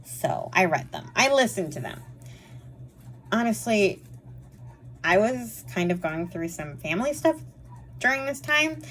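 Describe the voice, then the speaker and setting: A woman's voice: on the high side, animated, a bit bright, slight background noise. A woman chatting casually through a monthly reading wrap-up, rambling with lots of fillers. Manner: chatty and rambling, frequent fillers and quick laughs. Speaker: book reviewer.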